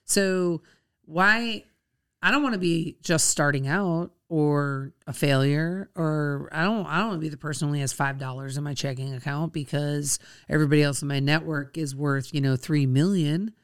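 A woman's voice: sits low, smooth. A woman co-hosting a podcast in casual, playful chat. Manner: chatty, playful, quick to laugh. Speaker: podcast co-host.

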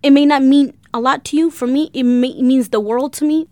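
A young woman telling a personal story, halting often with fillers and getting emotional. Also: high-pitched, darkish tone, no room sound. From grew up in a refugee camp.

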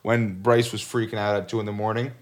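A man co-hosting a podcast in casual chat, excitable and laughing often. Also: on the low side, brisk, crowd noise. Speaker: podcast co-host.

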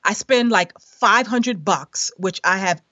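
This woman is a middle-aged podcast guest who tells her story in an animated way, laughing often and slipping into the voices of the people she quotes. Her voice is mid-pitched and sounds slightly dull and lo-fi. The sound is dry and close, with no room echo. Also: takes it slowly. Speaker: guest sharing a money story. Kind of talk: conversational storytelling interview.

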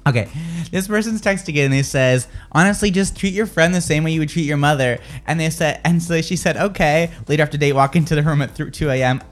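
A man hosting a morning radio show, animated and laughing as he reads listener texts aloud. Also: on the high side, fast, few pauses. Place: radio studio.

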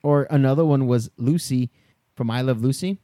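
A man's voice: medium pitch, normal speed, mellow, no room sound, studio quality. A man in his thirties co-hosting a casual chat, swearing loosely and laughing often. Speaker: podcast co-host.

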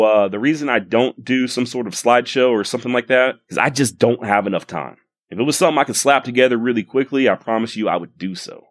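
A man's voice: lowish voice, fairly bright tone. Guy doing his history podcast, casual and wry, swears for laughs. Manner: wry, irreverent, swears for comic effect. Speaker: podcast host.

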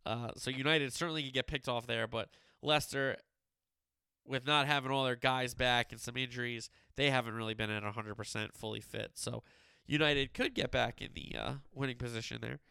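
A man's voice: mid-range voice, steady tone, brisk, gravelly, bright, forceful tone, smooth, no echo, clean studio sound. Slangy young man previewing sports. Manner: loose, opinionated, with slangy asides. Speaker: sports podcast host. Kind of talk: casual sports preview chat.

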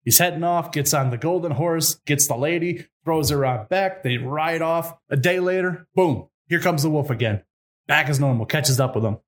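Man retelling a folk tale casually. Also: a little high. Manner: irreverent, swears, fast retold dialogue. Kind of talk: casual comic storytelling.

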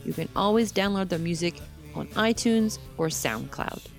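A woman hosting her own podcast in a casual solo monologue, chatty and enthusiastic, talking straight to her listeners, her voice a little hoarse. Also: fairly low pitch, lively intonation, normal speed, faint music behind. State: slightly hoarse. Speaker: podcast host. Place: small home studio.

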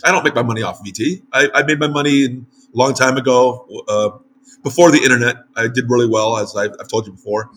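Chatty American male host, lively anecdotes with frequent restarts, faint hiss behind him. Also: medium pitch, fast. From United States. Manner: animated storytelling with frequent restarts. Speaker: show host and site publisher. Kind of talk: casual conversational interview. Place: home in northern Mexico.

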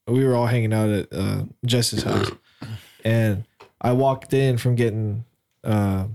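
A man's voice: fairly low pitch, steady tone, unhurried, vocal fry, warm tone. A man in his thirties co-hosting a casual podcast, joking and laughing as he tells stories. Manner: joking, laughs often, profane. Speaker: podcast co-host. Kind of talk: casual chat.

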